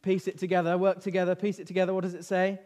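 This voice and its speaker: A man leading an interactive Bible lesson for children, lively and constantly asking them questions. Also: high-pitched, racing. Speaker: children's talk leader. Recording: reverberant hall.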